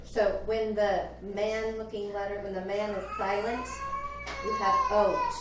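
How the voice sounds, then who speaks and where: A woman's voice: mid-range voice, level tone, measured pace, heavy background noise. A woman in a group Bible study, explaining a word point by point. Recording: echoey room, heard from far off.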